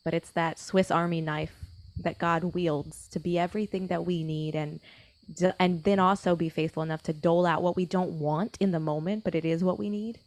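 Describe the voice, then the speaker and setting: A woman's voice: on the low side, fairly even intonation, moderate pace, darkish tone, no echo. A woman talking earnestly as a podcast guest in a casual faith conversation, with frequent filler words.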